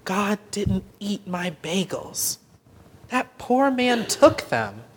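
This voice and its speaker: A storyteller reading a picture book aloud, voicing a small, eager, shy boy in a soft, hushed, breathy voice. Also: mid-range voice, big pitch swings, slow pace, pitched above the performer's own voice, heavily acted. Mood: tearful.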